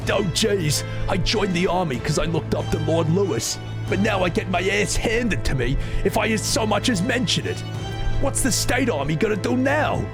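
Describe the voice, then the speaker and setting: A man's voice: sits high, lively intonation, normal speed, over music, pitched above the performer's own voice. A man voicing a tired, complaining soldier in a game. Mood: weary. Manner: weary, complaining. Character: tired whiny male soldier.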